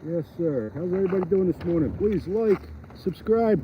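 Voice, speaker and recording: A man's voice: sits high, animated, moderate pace. A man ice fishing outdoors, chatting and joking with his viewers on a live stream from his phone. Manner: chatty, rambling and jokey, talks to viewers. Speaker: fishing vlogger. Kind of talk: casual live-stream chat. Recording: dull lo-fi phone audio outdoors. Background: wind.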